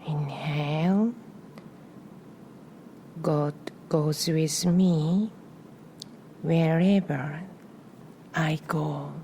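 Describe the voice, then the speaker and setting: A woman leading a guided meditation in a soft voice that often drops to a breathy whisper, repeating short phrases and calm cues with long pauses in between. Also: sits low, a little hiss or hum. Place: live session in front of a small audience.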